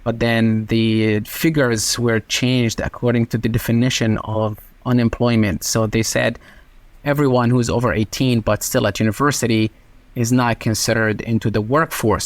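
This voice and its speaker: A man's voice: medium pitch, no echo. A man speaking as a panelist on a news discussion podcast, explaining a point with stumbling restarts.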